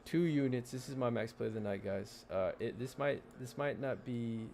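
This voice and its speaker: A man's voice: mid-range voice, normal speed, a little mellow. A man hosting a casual sports betting livestream, stammering and repeating words as he talks picks and reads the chat.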